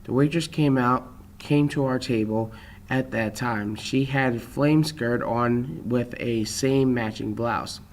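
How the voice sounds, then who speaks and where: Man reading a fan story aloud. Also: mid-range voice. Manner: plain, unhurried reading with small slips.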